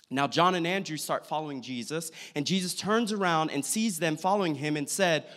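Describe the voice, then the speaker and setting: A pastor preaching a sermon, retelling a scripture story earnestly and acting out the quotes. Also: male voice, fairly high pitch, animated, normal speed, a bit bright. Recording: long hall reverb.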